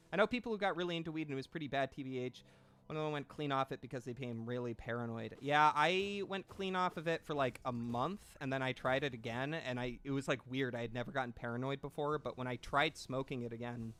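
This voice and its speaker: A man's voice: mid-range voice, a bit bright, clear, resonant tone. A man in his late twenties chatting casually on a gaming stream, rambling and self-deprecating, swearing freely and answering chat as he plays.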